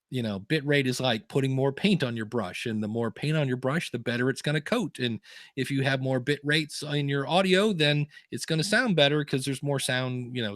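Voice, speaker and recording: A man hosts a podcast in loose, rambling conversation, slipping into playful voices when he quotes people. His voice sits in a middle pitch. It is recorded close and dry, with no room sound. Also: fairly bright tone, no echo. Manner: rambling storyteller, acts out quotes in funny voices. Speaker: podcast host. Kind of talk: casual podcast chat.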